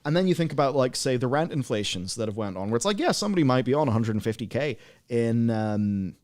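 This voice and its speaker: A man's voice: medium pitch, very animated, fast, a little mellow. A man, co-hosting a livestream in casual, rambling, sardonic chat full of fillers. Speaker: livestream co-host.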